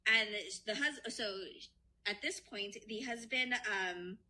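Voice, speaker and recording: A woman co-hosting a podcast, casually retelling a story with animated quoted voices and lots of swearing. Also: a little high, takes it slowly, slight background noise. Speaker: podcast co-host.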